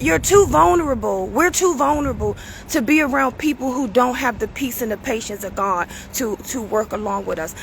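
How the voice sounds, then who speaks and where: A woman with a high, gravelly voice that sounds strained and tired, preaching casually to her viewers. Her tone is bright and forceful, and she keeps checking in with her listeners as she pushes through her talk. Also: slight background noise. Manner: preachy, casual, keeps asking "you understand?". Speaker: show host.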